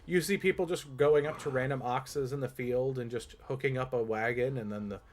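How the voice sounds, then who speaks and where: A man's voice: mid-range voice, steady tone, brisk, slight background noise. A man narrating a tabletop game as game master, rambling descriptions with frequent restarts. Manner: meandering, many fillers and restarts.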